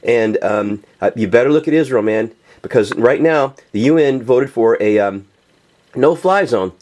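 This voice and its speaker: A man's voice: medium pitch, expressive, normal speed, a little mellow. A man ranting in a casual, profane monologue, full of fillers and restarts, addressing viewers directly. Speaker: political video commentator.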